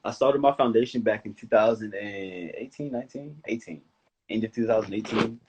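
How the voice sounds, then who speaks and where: A young man speaking as the guest of a casual live-stream interview, relaxed and laid-back, laughing easily. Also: fairly low pitch, a little fast, background noise. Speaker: guest athlete.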